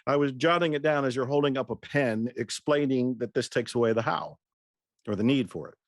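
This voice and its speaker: A man interviewing a guest in casual conversation, affirming with soft murmured responses. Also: medium pitch, brisk, dry recording, clean studio sound.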